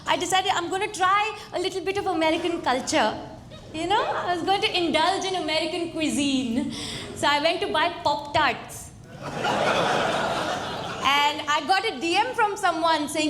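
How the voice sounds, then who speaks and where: A woman doing a stand-up set, telling a story quickly and sarcastically in a comedy club. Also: extremely high pitch. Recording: echoey club with loud crowd noise. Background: loud laughing crowd.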